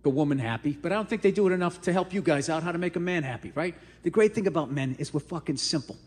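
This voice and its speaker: A man's voice: on the high side, quick pace, a little mellow, slightly rough. A middle-aged man doing a stand-up comedy routine, ranting and sarcastic, swearing often.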